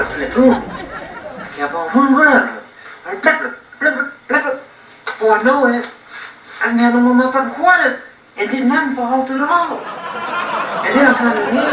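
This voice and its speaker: Male stand-up comic, high voice, profane rambling storyteller, recorded from afar in a roomy club with a laughing crowd. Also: far from the mic, noisy background. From Gary, Indiana. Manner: profane, loose storytelling with lots of asides. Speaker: stand-up comedian. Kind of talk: live stand-up comedy. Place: comedy club stage.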